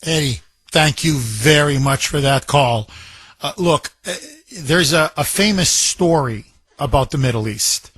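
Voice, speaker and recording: A man's voice: on the high side, measured pace, fairly bright tone, breathy edge, no echo. A man hosting a talk radio show, taking calls and telling a story emphatically, repeating phrases for effect.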